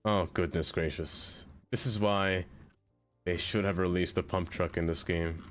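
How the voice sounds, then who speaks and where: A man's voice: low voice, steady tone, a little slow, fairly bright tone, soft background music. A man streaming a city-building game, chatting to his viewers and talking back to the game as he plays. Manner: chatty, talks to the game and to chat. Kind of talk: live gameplay commentary.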